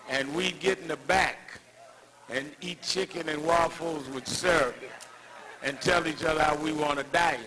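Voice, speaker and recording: A man's voice: a little high, steady tone, measured pace, vocal fry, a crowd in the background, poor audio. An older man giving a rousing tribute speech at an event, building emphatic, preacher-like cadences around anecdotes. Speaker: speaker at a civil rights tribute.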